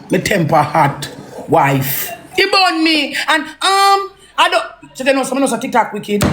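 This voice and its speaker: A woman's voice: mid-range voice, a little hiss or hum. A woman with a Jamaican accent, ranting angrily, swearing and repeating herself in a heated live rant. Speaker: social media personality.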